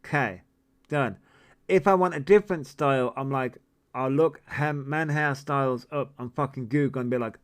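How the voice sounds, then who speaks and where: A man's voice: mid-range voice, normal speed. A man in his forties hosting a casual livestream, reading viewer comments and ranting in a sweary, incredulous, rambling way. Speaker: livestream host.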